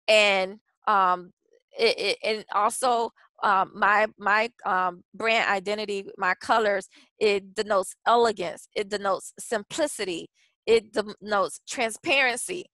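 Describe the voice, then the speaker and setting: A woman's voice: mid-range voice, takes it slowly, a bit bright, no room sound, poor audio. A woman presenting a branding workshop in a chatty, casual way, with frequent restarts and fillers. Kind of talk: casual webinar teaching.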